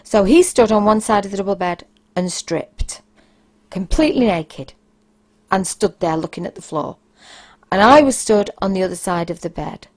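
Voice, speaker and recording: A woman's voice: mid-range voice, animated, moderate pace. A woman, hosting a podcast and telling frank anecdotes in a casual, blunt way, sometimes raising her voice for emphasis. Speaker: podcast host.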